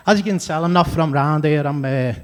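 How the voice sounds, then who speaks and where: A man with a Scouse accent working a comedy club stage, chatting with the crowd in a stand-up set. His voice sits a touch high for a man, and he lands crude punchlines in a self-deprecating way. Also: fairly quick, smooth. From Liverpool area, England.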